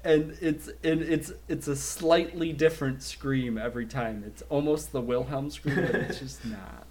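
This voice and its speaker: A man's voice: mid-range voice, steady tone, moderate pace, a little mellow. A man in easy, casual conversation with a mid-range voice. He laughs often and slips into mimicking voices for effect. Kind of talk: casual chat.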